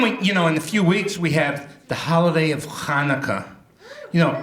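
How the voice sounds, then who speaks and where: A middle-aged man doing a stand-up comedy set, animated and jumping into shouted high voices for punchlines. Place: event hall before an audience. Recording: echoey live room.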